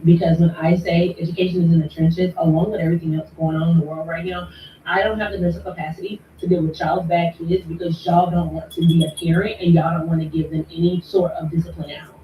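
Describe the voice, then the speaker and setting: A woman's voice: on the low side, a little hiss or hum. A woman teacher indignantly scolding parents as she vents to the camera. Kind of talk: venting to camera. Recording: distant, roomy, dull sound.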